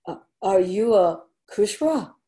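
A woman's voice: medium pitch, expressive, slow pace, mellow. A woman reading a story aloud, voicing a shy, devout young holy woman who speaks hesitantly and stammers. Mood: awed.

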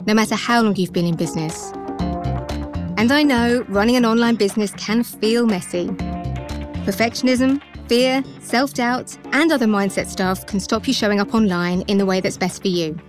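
A woman from the north of England, raised in Kent, hosting a podcast in an upbeat, clear manner. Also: mid-range voice, moderate pace, music in the background. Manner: upbeat, clear scripted intro. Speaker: podcast host.

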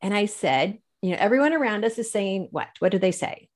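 A woman's voice: mid-range voice, big pitch swings, brisk. A woman guest in a faith-based interview, telling her story with animation, laughing often and acting out the people she quotes.

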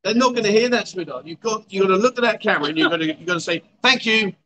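Guy hosting a livestream chat at a bar, high bright voice, teasing and chatty. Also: animated, rapid-fire, poor audio. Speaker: livestream chat show host. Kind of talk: casual chat. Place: outdoor bar.

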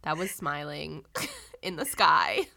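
A woman's voice: deep voice, very animated, slow, gravelly, bright, forceful tone. A young woman co-hosting a podcast, rambling casually with many "like"s and playfully imitating characters as she recaps a TV episode. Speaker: podcast co-host.

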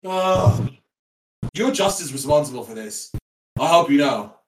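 A man playing a bitter, irate estranged son in a tabletop role-play game, ranting and swearing, swinging from loud outbursts to mutters. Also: fairly high pitch, lively intonation, a little slow, a little hiss or hum, rough recording. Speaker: player.

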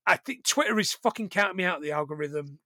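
A man's voice: high voice, animated, fast talker, sharp tone, no room sound. A man hosting a podcast in casual chat, swearing freely and laughing often. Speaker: podcast host.

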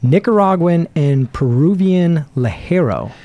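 A man co-hosting a casual podcast, talking excitably and enthusiastically, often trailing off mid-sentence as he hunts for words. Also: a little high, a little slow, muffled recording. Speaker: podcast co-host reviewing cigars. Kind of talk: casual chat.

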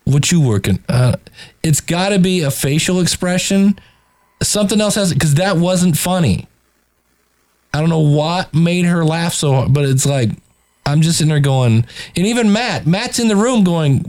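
A man's voice: a little high, animated, normal speed, a little mellow. A man hosting, giving sardonic, exasperated commentary on clips he plays, often stammering as he restarts sentences. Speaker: host reviewing a podcast. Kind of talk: critical commentary over played clips.

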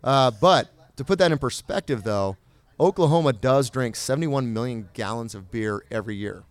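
A man hosting a casual beer podcast, rattling off statistics with fillers and quick laughs. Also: mid-range voice, lively intonation, smooth, dry recording. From California. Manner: reads stats with fillers and laughs. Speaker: podcast host. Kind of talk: casual chat.

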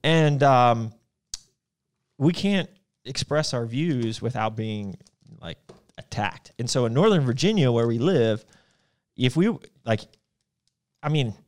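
A young man co-hosting a podcast in casual chat, animated and rambling, laughing often. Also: medium pitch, slow, pauses often. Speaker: podcast co-host.

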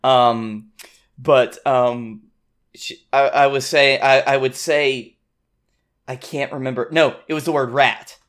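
A man's voice: mid-range voice, steady tone, takes it slowly, a bit bright. A man in his twenties co-hosting a casual podcast, speaking reflectively and rambling a little as he remembers. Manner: reflective, rambling with many fillers and restarts. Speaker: podcast co-host. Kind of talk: casual chat.

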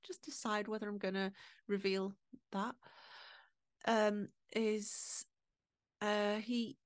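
A woman's voice: mid-range voice, flat delivery, smooth, dry recording, clean studio sound. A middle-aged woman hosting a podcast, telling personal stories in a candid, emotional way. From England. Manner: emotional, candid, with swearing and quick asides. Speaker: podcast host. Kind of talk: personal storytelling monologue.

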